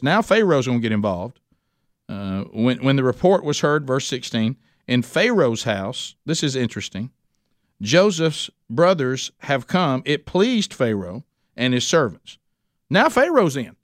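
A man's voice: medium pitch, no echo. Guy preaching, casual and folksy, keeps restarting and tossing in asides, dry close sound. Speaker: pastor. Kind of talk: sermon.

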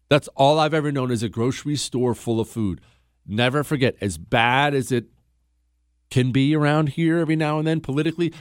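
Man, radio host, mid-pitched, emphatic opinionated monologue, dead-dry studio mic. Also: dry recording. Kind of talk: call-in talk radio monologue.

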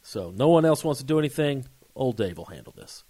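A man in his forties, co-hosting a podcast, telling a story in a casual, animated way and acting out the shouts. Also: mid-range voice, brisk. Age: 40s. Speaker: podcast co-host.

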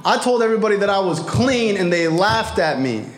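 A man's voice: high voice, animated, a little fast. A man telling a personal recovery story to a live audience, in a casual, profane, slangy way with frequent fillers. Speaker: speaker sharing a recovery story.

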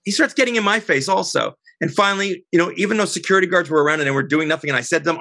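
A middle-aged woman as an interview guest, telling a heated story in an animated, indignant way. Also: on the low side, rapid-fire, no echo. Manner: animated, indignant, quotes others.

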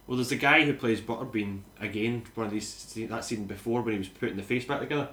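A man's voice: lowish voice, quick pace, sharp tone, slight background noise. A man retelling film production stories during a casual movie commentary, trailing off mid-sentence. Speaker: commentary co-host. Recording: roomy echo.

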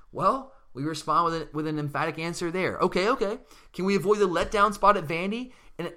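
A man's voice: a little high, bright, forceful tone. A young man co-hosting a fan sports podcast, talking earnestly and passionately with frequent stumbling restarts. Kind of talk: fan sports talk commentary.

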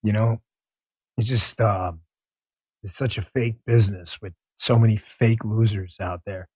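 A man's voice: on the low side, husky, no room sound, studio quality. A man hosting a political talk show, speaking bluntly and earnestly and swearing freely. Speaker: podcast host.

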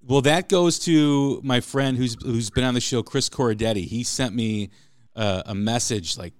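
Podcast host, male, lowish smooth voice, dry close sound, chatty interviewer. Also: normal speed, no room sound. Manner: chatty, animated storyteller. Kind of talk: casual interview chat.

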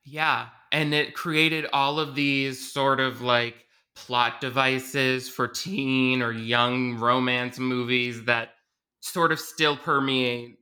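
Young man, podcast host, casual chat, self-deprecating, very bright tone. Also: medium pitch, steady tone, slow pace.

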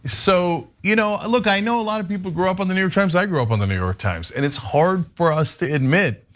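Man, podcast host, lively swooping pitch, emphatic, casual political chat. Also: a little fast, a little hiss or hum. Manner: animated, emphatic, laughs often.

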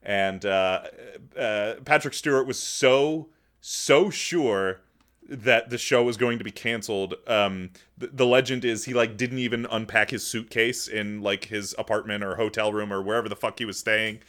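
A man's voice: on the low side, steady tone, normal speed, a bit bright. A man co-hosting a podcast in casual chat, laid-back, swearing casually and laughing often. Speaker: podcast co-host.

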